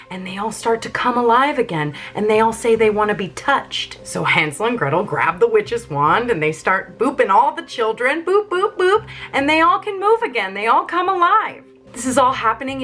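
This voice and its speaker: A woman casually and playfully retelling an opera's plot in a jokey, animated way. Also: on the high side. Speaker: opera presenter.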